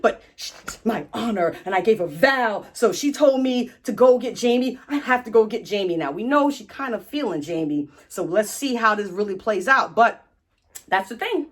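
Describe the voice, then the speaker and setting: A woman hosting a casual, animated story recap in slangy speech, acting out the quotes as she goes. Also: medium pitch, normal speed. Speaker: host.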